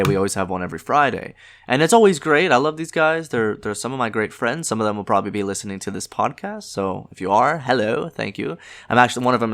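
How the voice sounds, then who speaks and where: Nasal, halting Southern man. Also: on the low side, fairly bright tone. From American South. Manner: halting, many filler words and restarts. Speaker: podcast host. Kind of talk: solo podcast monologue.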